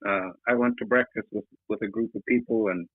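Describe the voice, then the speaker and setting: A man's voice: on the low side, fairly even intonation, fairly quick, dry recording. Elderly man, casual guest storyteller who chuckles, heard over a phone line. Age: 70s. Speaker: guest, host's uncle. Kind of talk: casual chat. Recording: tinny phone line, dry.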